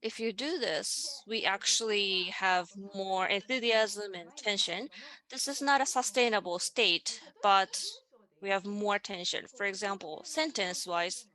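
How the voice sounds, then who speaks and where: A woman with a medium-pitched, expressive voice speaks unhurriedly, her tone pushed and bright. She's giving an online presentation as part of a panel over a video call, explaining ideas step by step and leading listeners through simple exercises.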